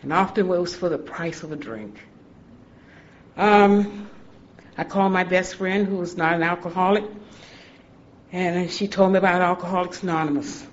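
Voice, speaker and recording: A woman sharing her personal recovery story in a halting, heartfelt way, often restarting sentences and laughing softly. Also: fairly low pitch. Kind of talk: personal testimony talk. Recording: dull lo-fi recording with faint hiss.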